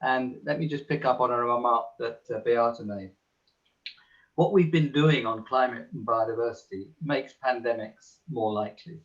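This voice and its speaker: A man giving a measured, emphatic webinar talk from home over a video call, pausing often with "uh". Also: mid-range voice, dull audio. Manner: measured, emphatic, frequent "uh" pauses. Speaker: panel speaker. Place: home in the countryside.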